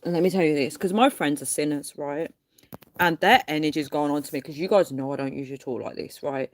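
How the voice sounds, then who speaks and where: Livestreaming from her phone, a woman with a slightly low voice chats fast and casually with her viewers. Her talk is loose and rambling, she keeps addressing everyone as "guys," and she laughs a lot.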